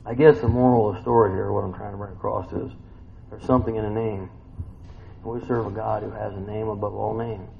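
A man in his fifties preaching a sermon in a folksy, conversational way, tossing in rhetorical questions and swinging from loud, high bursts to quiet, low reading. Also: flat delivery, fairly quick, creaky, slight background noise. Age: 50s. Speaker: pastor. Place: church sanctuary. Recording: dull, lo-fi church recording with faint ambience.

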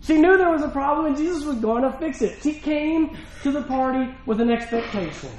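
A man's voice: very high-pitched, animated, a little fast, darkish tone, slight background noise, low-quality recording. A male pastor preaching a sermon in a church, talking conversationally with rhetorical questions and emphatic repetition.

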